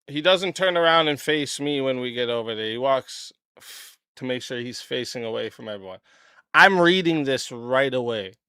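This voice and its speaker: A man hosting his channel, telling a story in a blunt, profane, casual way and clearing his throat often. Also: on the high side, sharp tone, dry recording, clean studio sound. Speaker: channel host.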